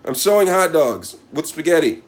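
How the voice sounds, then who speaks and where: A man's voice: a little high, very animated, moderate pace. Mock-serious man hosting a cooking video. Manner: mock-serious, repeats a catchphrase, talks to viewers as he works. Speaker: cooking channel host. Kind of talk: casual cooking demonstration to camera.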